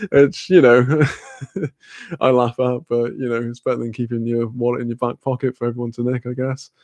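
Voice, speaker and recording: A man's voice: medium pitch, steady tone, moderate pace, long pauses, a little mellow, dry recording. A Welsh man streaming a casual chat, laughing often, swearing freely and reading chat messages aloud. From Wales.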